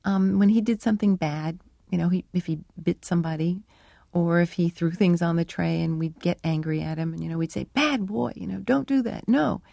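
A woman's voice: lowish voice, level tone, fairly quick, gravelly, mellow, no echo. A researcher woman being interviewed, telling stories in a reflective, conversational way with fillers. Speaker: animal cognition researcher, guest. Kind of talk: interview answers, storytelling.

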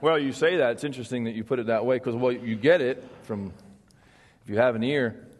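A man's voice: medium pitch, brisk, big-room sound. A male comedian guest chatting casually on stage, rambling and full of false starts.

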